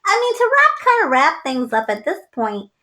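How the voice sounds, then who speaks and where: A young woman chimes in during a casual podcast recap of a film. She adds plot points and joking side remarks in a relaxed, conversational way. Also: high voice, normal speed. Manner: chatty, jokey asides. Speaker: podcast co-host. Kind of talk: casual movie recap chat.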